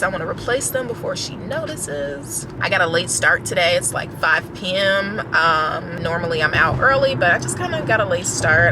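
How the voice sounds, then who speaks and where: A woman's voice: lowish voice, background noise. A young woman chatting casually in a vlog, telling stories from her car with lots of "like" and "y'all". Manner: chatty storytelling with many "like"s and "y'all". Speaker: vlogger, flight attendant. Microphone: handheld camera.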